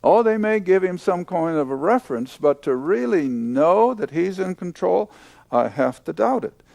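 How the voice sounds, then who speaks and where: An older man teaching a Bible lesson to a class, slow and emphatic, repeating key points. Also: sits high, big pitch swings, creaky, darkish tone, dry recording.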